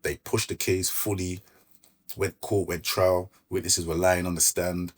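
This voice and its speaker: Low husky-voiced London man. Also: level tone, unhurried. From Brixton, London. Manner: laid-back street slang, recounts events with quoted dialogue. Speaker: podcast guest. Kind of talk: casual storytelling interview.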